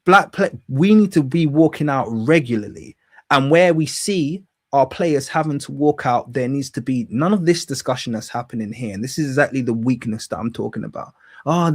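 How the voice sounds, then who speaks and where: A male show host in full rant, voice at an ordinary middle pitch. He talks heatedly, swears without hesitation and repeats lines to drive his point home. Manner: heated, ranting, swears, repeats himself for emphasis. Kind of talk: solo opinion monologue.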